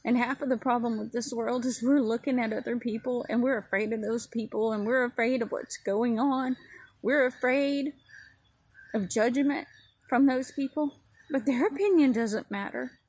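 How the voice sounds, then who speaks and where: A woman's voice: fairly high pitch, steady tone, moderate pace, darkish tone, husky, dry recording, rough recording. A woman giving a personal testimony sermon in an earnest, repetitive preaching cadence. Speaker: ministry speaker.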